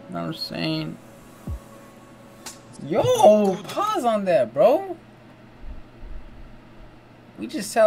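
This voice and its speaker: A man's voice: a little high, gravelly, a little mellow, slight background noise. A young American man hosting a reaction video, commenting casually and with lots of exclamations and slang. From United States. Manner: slangy, exclamatory, keeps saying "you know what I'm saying" and "bro". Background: faint music from the video he is watching.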